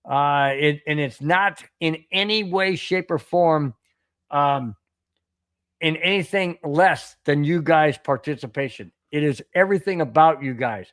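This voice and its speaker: A man's voice: a little high, a bit bright, no room sound, studio quality. A man hosting a sports podcast in an earnest, casual way, often repeating and restarting his words. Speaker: podcast host. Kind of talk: casual live-stream chat.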